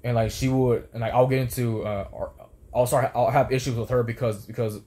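Heated and swearing, a young ex-fast-food worker rambles on about a past job, restarting sentences as he stumbles along. He speaks fairly quickly in a steady, dark, mid-range voice.

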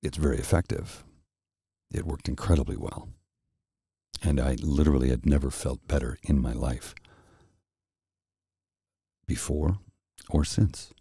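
Very deep, gravelly-voiced man in soft ASMR chat. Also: no echo, studio quality. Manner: slow, rambling storytelling with restarts. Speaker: host.

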